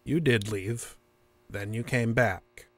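An actor playing a calm, stiff male interrogator who speaks in flat, formal, repetitive phrases in an audio drama. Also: medium pitch, takes it slowly, no room sound.

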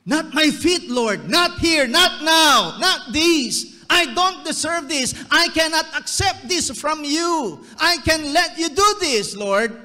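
A man voicing an emphatic, stubborn male disciple who loudly refuses, heard with long hall reverb. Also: very high voice, lively intonation, slow pace, hardly any pauses, pitched above the performer's own voice, heavily acted. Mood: insistent. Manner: loud insistent refusal.

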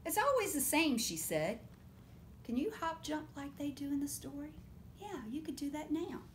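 A woman reading picture books aloud at story time, animated and stopping often to ask the children questions. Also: high-pitched, normal speed, a little hiss or hum. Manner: animated, asks children questions and invites them to join in.

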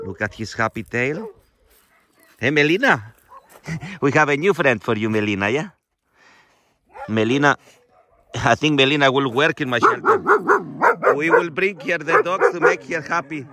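Middle-aged male shelter founder, bright and forceful voice, halting non-native English. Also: mid-range voice, big pitch swings, slight background noise. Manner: fond, coaxing talk to the dogs. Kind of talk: casual vlog narration. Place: animal shelter.

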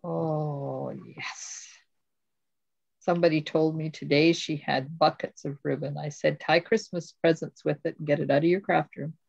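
A woman's voice: deep voice, flat delivery, brisk, gravelly, hardly any pauses, a little mellow, breathy edge, no echo, dull audio. A woman hosting a casual crafting live stream, gushing and exclaiming over each item she unboxes.

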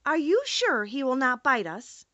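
A woman doing a squeaky high queen mouse, tiny and proud, bright lively storybook voice. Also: a little slow, no room sound, highs cut off, heavily acted. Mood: timid. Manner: proud, then timid.

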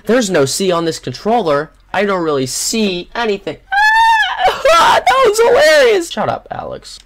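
A young adult gaming host giving casual gameplay commentary into a desktop microphone, sarcastic and quick to swear and grumble at the game. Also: mid-range voice. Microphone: desktop USB microphone.

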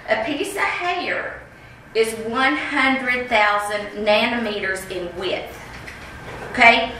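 A woman giving an earnest, insistent public comment at a school board meeting, often pausing to ask "okay?". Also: fairly high pitch, bright, forceful tone, far from the mic, a little hiss or hum. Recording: very echoey room heard from afar.

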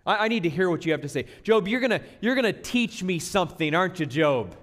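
A man's voice: high-pitched, moderate pace, pitched above the performer's own voice, natural voice. A male preacher voicing God as a sarcastic, mocking male figure, teasing in a mock-earnest way, in a reverberant church hall.

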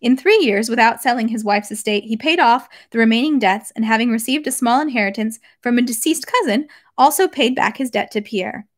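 A young woman reading a long classic novel aloud, steady, with occasional slips and restarts. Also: fairly high pitch, brisk, few pauses. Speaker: reader.

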